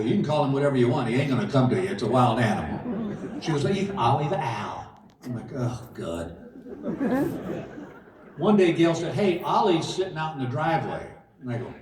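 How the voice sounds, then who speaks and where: On a big casino theater stage, a middle-aged man performs stand-up storytelling, folksy in flavor, voicing both parties in every exchange. His mid-range voice has a darkish tone, captured from far off in a roomy live hall as the audience laughs.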